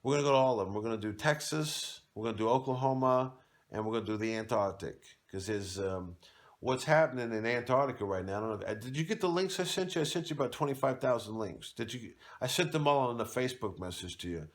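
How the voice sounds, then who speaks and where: Man playing a bullying swearing internet warrior, higher pitched and loud, roomy distant sound. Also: lively intonation, fast, natural voice. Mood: chummy. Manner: profane, bullying, bombastic war talk. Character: ranting, self-important online free-speech warrior, man. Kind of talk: comedic character sketch. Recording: echoey, mic far off.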